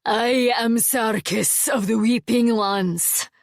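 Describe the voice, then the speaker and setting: A woman reading an audiobook and voicing an immortal male swordsman with a low, stern, dryly polite manner. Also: normal speed, dry recording, clean studio sound, close to an everyday voice.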